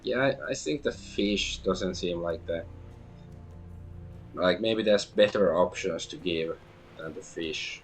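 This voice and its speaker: A man streaming a story-driven video game in a very deep, low voice, reading the on-screen text aloud and tossing in casual asides as he plays. He trips over longer words now and then, and quiet game music plays underneath. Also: takes it slowly.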